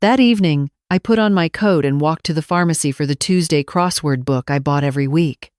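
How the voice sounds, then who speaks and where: An older woman narrating a first-person story in a measured, calm, reflective way. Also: low voice, no room sound, clean studio sound.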